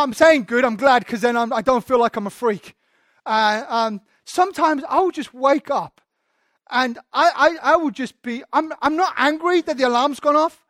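A man's voice: extremely high pitch, moderate pace, a bit bright, no room sound, studio quality. Candid self-deprecating male preacher. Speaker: pastor. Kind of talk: sermon.

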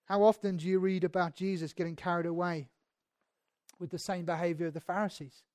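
A man preaching a sermon, who moves between quiet reflection and loud, emphatic passages, reads scripture aloud and slows on key words. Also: high-pitched, fairly even intonation, dry recording, studio quality.

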